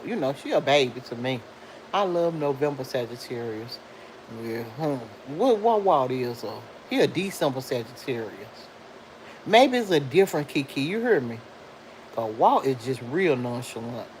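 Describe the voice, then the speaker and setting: A middle-aged woman hosts a live stream, reading comments and answering viewers directly in an animated, sing-song voice that sits slightly low. She laughs often, and the poor audio carries a faint hiss underneath.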